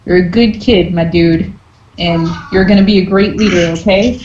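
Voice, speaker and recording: A woman's voice: fairly low pitch, normal speed, a little mellow, natural voice. A woman playing a caring, encouraging older woman in a tabletop game, recorded in a muffled, roomy setup with some background noise. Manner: encouraging, motherly.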